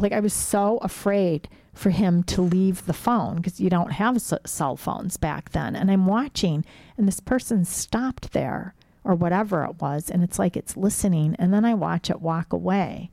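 Middle-aged woman, creaky low-ish voice, dry close sound, casual suspenseful storyteller. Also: moderate pace, warm tone, no echo. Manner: suspenseful, conversational storytelling with frequent "like" fillers.

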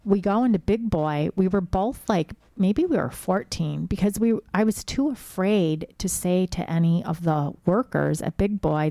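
Middle-aged woman, creaky low-ish voice, dry close sound, casual suspenseful storyteller. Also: moderate pace, few pauses, dark tone, dry recording. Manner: suspenseful, conversational storytelling with frequent "like" fillers.

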